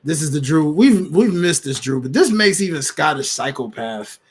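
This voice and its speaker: A man co-hosts a podcast in animated casual chat, full of slang and quick to laugh. His voice sits a bit high and swings up and down a lot. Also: slightly rough. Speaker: podcast co-host.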